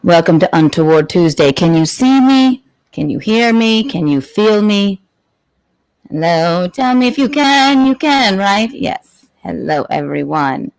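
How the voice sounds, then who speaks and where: A woman's voice: mid-range voice, expressive, unhurried, vocal fry, a little mellow. Playful theatrical woman hosting a live stream. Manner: playful, theatrical, sings and hums nonsense sounds. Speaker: host. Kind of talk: casual live-stream chat. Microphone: own studio mic, adjusting its volume.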